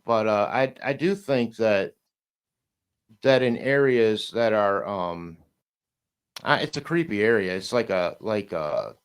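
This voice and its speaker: A man talking casually as a podcast guest, rambling and halting with many restarts, now and then swearing and laughing. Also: fairly low pitch, expressive, clear, resonant tone.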